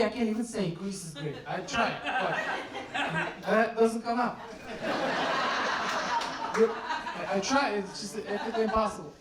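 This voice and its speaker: A man from Turkey performing stand-up on a club stage, deadpan and teasing the audience with mock-serious questions. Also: high-pitched. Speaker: stand-up comedian. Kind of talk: stand-up crowd work. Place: comedy club stage before a laughing crowd. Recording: roomy live recording from a distance, crowd audible.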